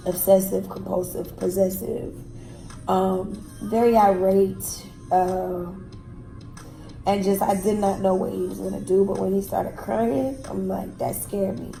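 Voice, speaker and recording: A woman telling a personal story in an interview, frankly and with pauses and fillers. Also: medium pitch, fairly even intonation, gravelly, warm tone. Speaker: guest telling her own story. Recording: echoey room with faint music.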